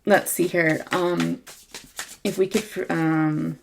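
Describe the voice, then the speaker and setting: A woman reading tarot cards to camera in a casual, halting way, full of ums and self-corrections. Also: lowish voice, fairly even intonation, creaky, slight background noise. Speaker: tarot reader.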